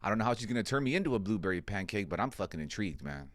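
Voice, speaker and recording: A man's voice: on the low side, very animated, rapid-fire, no echo. A man delivering a comedic monologue, laid-back and slangy, swearing constantly.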